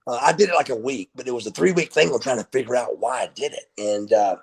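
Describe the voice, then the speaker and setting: A man's voice: mid-range voice, quick pace, husky. A middle-aged man, a wrestler guest on an interview show, telling stories and acting out the dialogue. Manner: animated storyteller who acts out quoted dialogue. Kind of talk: casual storytelling interview.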